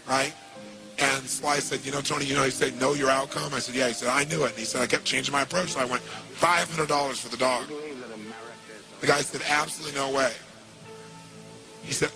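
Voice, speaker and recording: A man speaking as a motivational speaker, telling a story in an animated way and throwing rhetorical questions at his audience. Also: medium pitch, a little fast, pauses often. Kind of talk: storytelling talk. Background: music.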